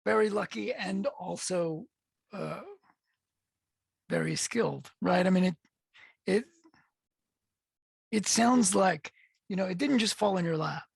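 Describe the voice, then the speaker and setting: Brief: male podcast host with a heavily gravelly voice, rambling and halting. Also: high-pitched, no echo, clean studio sound. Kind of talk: casual interview.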